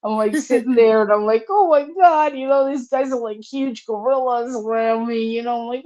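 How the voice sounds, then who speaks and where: An older woman telling a personal story casually, profane and animated, acting out the voices in it. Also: on the high side, a little fast, hardly any pauses, lo-fi sound. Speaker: storyteller guest.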